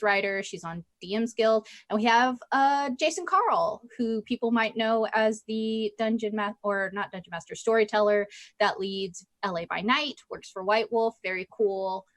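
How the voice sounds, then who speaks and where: A woman's voice: mid-range voice, normal speed, dry recording. A woman player chatting casually, playful and self-mocking, with frequent giggles. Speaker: podcast player. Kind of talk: casual podcast chat.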